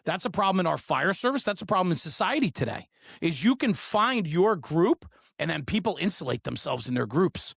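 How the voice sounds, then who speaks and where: A man's voice: high voice, very animated, fairly quick, creaky, a bit bright, husky, dry recording, clean studio sound. A man hosting a fire service podcast, talking bluntly in a fired-up way and swearing freely. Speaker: podcast host. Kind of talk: casual podcast conversation.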